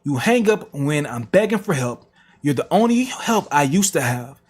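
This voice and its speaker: A man's voice: fairly high pitch, sing-song, normal speed, breathy edge. A man reading text messages aloud on a reaction stream, with slangy asides. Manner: plain reading broken by slang asides and laughs.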